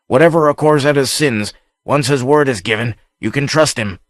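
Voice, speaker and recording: In an audiobook reading, a man plays a bold, swaggering pirate captain, bellowing and mocking in a taunting mood. His mid-range voice is pitched a bit above his natural one yet stays close to an everyday voice, delivered at normal speed. The sound is clean studio audio with no echo.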